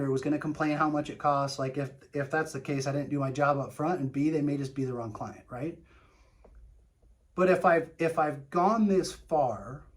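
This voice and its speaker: A man coaching on sales calls, speaking emphatically and often checking in with "right?". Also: fairly high pitch. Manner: emphatic, keeps asking "right?". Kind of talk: coaching talk with role-play demos.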